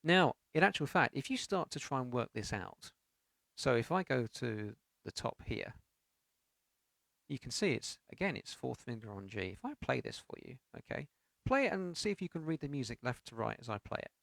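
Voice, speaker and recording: A man's voice: mid-range voice, sing-song, normal speed, gravelly, a bit bright, no room sound. A man teaching a beginners' piano lesson, explaining notes patiently and counting beats aloud with sung syllables. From United Kingdom.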